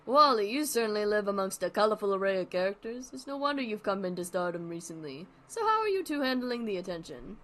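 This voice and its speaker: A woman's voice: mid-range voice, very animated, quick pace, hardly any pauses, a bit bright. A woman playing a chipper talk show interviewer. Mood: cheery. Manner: upbeat scripted hosting.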